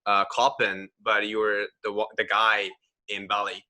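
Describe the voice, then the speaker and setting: Bright-voiced, low-pitched male interviewer. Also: flat delivery, moderate pace. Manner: short backchannels and clarifying questions. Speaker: interview host. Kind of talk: conversational interview.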